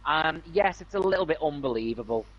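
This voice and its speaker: A man talks casually on a game stream, rambling with enthusiasm and lots of fillers. His voice is slightly husky. The mic sounds dull and lo-fi. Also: on the high side, lively intonation, fairly quick. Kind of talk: casual gaming stream chat.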